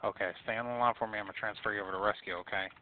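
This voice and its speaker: A male 911 dispatcher asking brisk, routine questions on an emergency call. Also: lowish voice, steady tone. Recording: tinny phone line with hiss.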